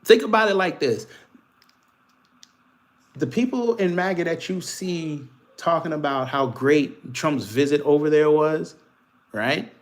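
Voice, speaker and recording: A man's voice: a little high, a little slow, pauses often. A man hosting a livestream, giving casual political commentary and mocking commenters in a vernacular American accent. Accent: African American Vernacular English. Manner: mocking, trash-talking commenters, laughing. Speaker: livestream host.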